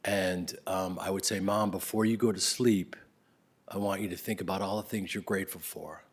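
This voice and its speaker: Middle-aged guy giving a eulogy, lowish husky voice, gets loud then drops real soft. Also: fairly even intonation, moderate pace. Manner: swings between loud laughing bursts and soft near-whispers. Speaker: eulogy speaker. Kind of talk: spoken tribute, storytelling.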